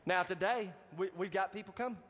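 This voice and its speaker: A man preaching a sermon as pastor, animated and calling out to the congregation for responses. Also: sits high, slightly rough. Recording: dull, reverberant hall recording.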